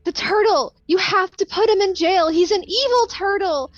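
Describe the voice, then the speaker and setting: A woman's voice: moderate pace, no echo, lo-fi sound, soft background music. A woman voicing a panicked young female fairy who pleads through tears. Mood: sobbing. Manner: high, tearful pleading.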